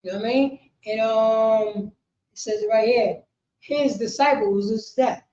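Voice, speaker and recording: Impassioned high-voiced woman preaching. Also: steady tone, measured pace. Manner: impassioned, rising to shouts, then dropping low. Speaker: teacher of a scripture class. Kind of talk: preaching lesson with call and response. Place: classroom at a group's headquarters. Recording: roomy, muffled room recording.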